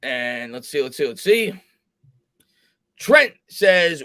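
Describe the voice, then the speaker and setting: A man hosting a live sports talk stream, reading viewer comments aloud and thinking out loud with frequent restarts. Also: a little high, very animated, slow pace, long pauses, dry recording. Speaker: host.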